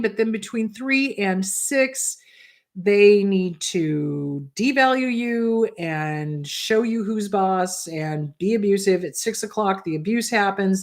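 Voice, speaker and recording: A woman therapist speaks straight to her viewers in a casual, emphatic way. Her pitch sits mid-range for a woman. She is blunt and keeps checking in with rhetorical questions. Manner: acts out quoted voices in passing. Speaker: therapist and host. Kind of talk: casual advice talk to viewers.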